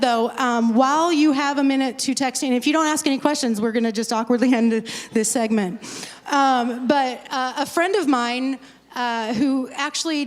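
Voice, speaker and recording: Chatty woman pastor in a big hall. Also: high-pitched. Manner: chatty, joking, rambling asides. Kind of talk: casual talk to a conference crowd. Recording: long hall reverb.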